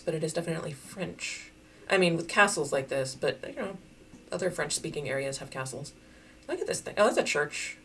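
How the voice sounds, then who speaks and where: A woman giving casual, chatty commentary while playing a geography guessing game, thinking out loud and laughing often. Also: fairly low pitch, slight background noise. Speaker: game streamer.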